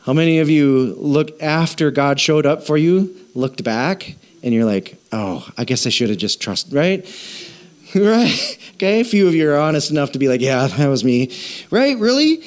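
A man's voice: fairly high pitch, moderate pace. A man preaching a sermon in a casual, joking way, often asking his congregation questions. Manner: animated, jokey, asks the congregation questions. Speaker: pastor.

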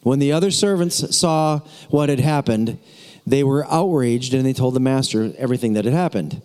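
In a reverberant church sanctuary, a pastor preaches in a clear, resonant, darkish voice of medium pitch, moving at a moderate pace. His delivery is relaxed and joking, with playful remarks directed at the congregation.

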